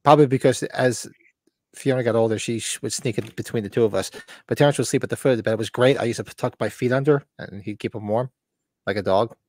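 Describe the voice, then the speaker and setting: A man's voice: mid-range voice, fast talker, no room sound, studio quality. A middle-aged man hosting a live movie watch-along, chatting casually and acting out voices in his anecdotes. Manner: animated storytelling, acts out voices in anecdotes. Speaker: host. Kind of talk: casual chat.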